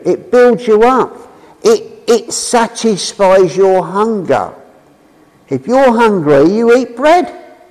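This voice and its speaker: A man giving an informal, chatty sermon and asking his listeners questions. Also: high-pitched. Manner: chatty, asks the audience questions. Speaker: preacher. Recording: long reverb in a hall.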